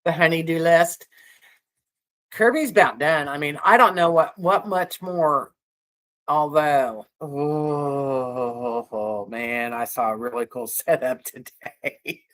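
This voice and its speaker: A woman's voice: low voice, slow pace, fairly bright tone. A woman co-hosting a casual livestream, chatting with viewers in a rambling way and laughing often. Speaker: livestream co-host.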